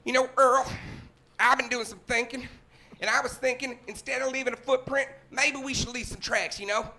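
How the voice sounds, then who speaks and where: A man voicing a dim, earnest backwoods lookout musing out loud. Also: extremely high pitch, fairly even intonation, moderate pace, pitched above the performer's own voice, exaggerated voice.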